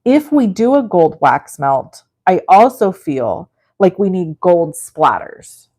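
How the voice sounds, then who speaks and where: A woman's voice: lowish voice, big pitch swings, slow, darkish tone. A woman in her forties hosting a live crafting demo, talking in a chatty, rambling, self-deprecating way. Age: 40s. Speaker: craft livestream host.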